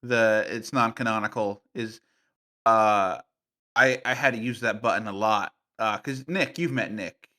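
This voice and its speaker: Guy on a gaming podcast, kinda low voice but real bright and bouncy, playful storyteller. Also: a little slow. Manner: playful, animated storytelling with frequent fillers. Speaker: podcast guest, game master. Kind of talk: casual podcast conversation.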